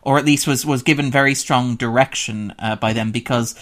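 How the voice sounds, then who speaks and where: A man in a casual podcast discussion, talking through ideas at length in an analytical way. He pads his long sentences with "like" and steady asides. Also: mid-range voice, brisk. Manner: analytical and long-winded, with frequent "like" fillers. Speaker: podcast guest.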